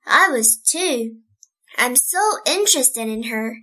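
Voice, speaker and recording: A woman's voice: on the high side, expressive, slow, sharp tone, husky, heavily acted. A woman reading an audiobook, voicing a cheerful, chatty orphan girl who talks eagerly. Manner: eager, chatty, wide-eyed. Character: earnest cheerful orphan girl, about eleven.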